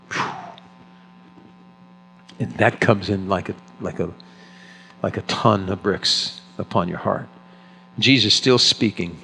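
A man preaching a sermon as pastor, swinging between loud exclamations and hushed, tender asides. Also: mid-range voice. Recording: long reverb of a large hall.

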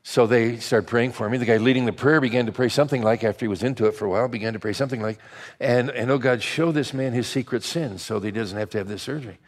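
An older man, a pastor, preaching a sermon in a chatty storytelling way, with lots of restarts and lively asides. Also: mid-range voice, fast talker. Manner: conversational storytelling, many restarts, animated asides.

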